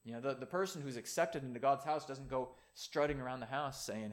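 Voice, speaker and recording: A man's voice: mid-range voice, moderate pace. A man preaching a sermon in a conversational way, with playful asides.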